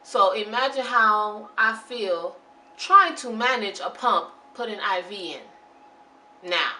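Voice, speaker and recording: A woman's voice: mid-range voice, takes it slowly, sharp tone, far from the mic. A young woman, a new nurse, talking candidly and emotionally to camera in a chatty way with many restarts. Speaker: new registered nurse vlogger. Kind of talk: casual talk to camera. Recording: echoey room, off the mic.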